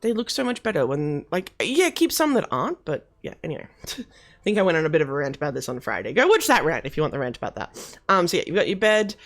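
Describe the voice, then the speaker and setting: A woman's voice: deep voice, sing-song, fast talker. A woman giving chatty, casual commentary while touring a house she built in a video game. She laughs easily and often corrects herself mid-sentence. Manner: chatty, giggly, self-correcting. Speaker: video game creator showing a house build.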